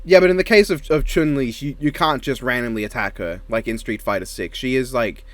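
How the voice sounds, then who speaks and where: A man co-hosting a casual podcast chat, animated and joking, with quick asides. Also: medium pitch, dry recording. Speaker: co-host.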